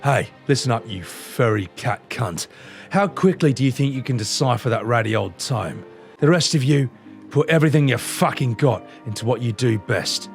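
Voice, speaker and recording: A man with an Australian accent voicing a crude, gruff old pirate boss in a low, growling voice full of insults. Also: lively intonation, normal speed, faint music behind.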